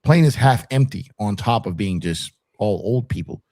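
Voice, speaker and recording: A man telling a profane, animated story in casual podcast talk. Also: fairly low pitch, normal speed, dry recording, studio quality. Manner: animated, profane, acts out quotes. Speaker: podcast co-host.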